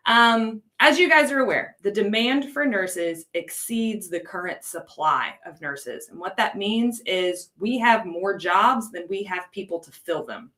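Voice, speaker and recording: A woman's voice: mid-range voice, a little slow, few pauses, bright, forceful tone. An American woman coordinating an ESL program, teaching on a casual live stream, chatty, laughing often and answering viewers' comments.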